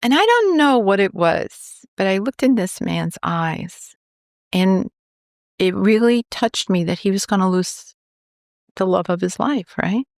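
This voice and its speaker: A woman's voice: medium pitch, unhurried, dry recording, studio quality. A woman from New York, a cancer researcher, telling a story in a podcast interview and acting out the voices of the people in it. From New York, USA. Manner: animated, acts out quoted dialogue.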